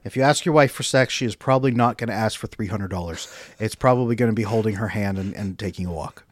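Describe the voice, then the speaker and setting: A man who is a relationship coach, giving animated interview answers and acting out example dialogues. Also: on the low side, quick pace, no echo. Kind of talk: casual interview talk.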